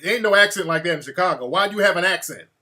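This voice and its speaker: A man's voice: high-pitched, lively intonation, rapid-fire, pushed and bright. A man hosting a call-in show, blunt and mocking in profane banter. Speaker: radio show host.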